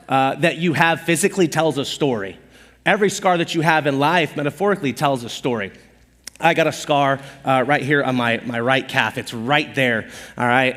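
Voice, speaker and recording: A man preaching a sermon as pastor, telling personal stories in an animated, conversational, self-deprecating way. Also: fairly high pitch. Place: church auditorium stage. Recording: long hall reverb.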